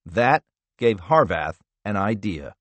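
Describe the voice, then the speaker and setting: Expressive low-voiced male narrator. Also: takes it slowly, no echo. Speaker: audiobook narrator. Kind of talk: scripted thriller narration.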